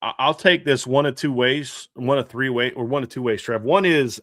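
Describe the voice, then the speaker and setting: A man's voice: medium pitch, moderate pace, a bit bright, no room sound, studio quality. A man from the American South chatting casually as a sports podcast co-host, rambling with frequent restarts. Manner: rambling, restarts, laughs often.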